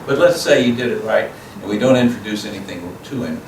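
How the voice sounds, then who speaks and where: A man's voice: fairly low pitch, brisk. A man giving a plain-spoken teaching talk as guest speaker at a parenting seminar, often acting out little dialogues between parent and child. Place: school event room. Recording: echoey room, voice from far off, noisy.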